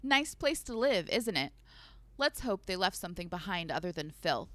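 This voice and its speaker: A woman's voice: fairly low pitch, sing-song, moderate pace, pushed and bright, no echo, voice pushed down. A woman reading the lines of a cocky, reckless young man from a book, in a dry, mocking way. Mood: wry.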